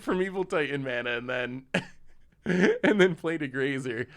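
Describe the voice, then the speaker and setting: A man streams a card game and narrates every move as it happens. His pitch rises and falls a lot, but his pace stays slow and deliberate. He thinks out loud and reacts to each play. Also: lively intonation. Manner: reactive, thinks aloud, thanks subscribers. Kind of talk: live gameplay commentary.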